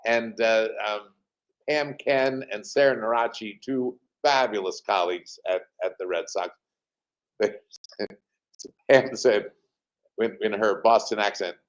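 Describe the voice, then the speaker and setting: A man, a team president, telling animated anecdotes as an interview guest, pausing often with fillers over a remote call. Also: fairly low pitch. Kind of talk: interview storytelling.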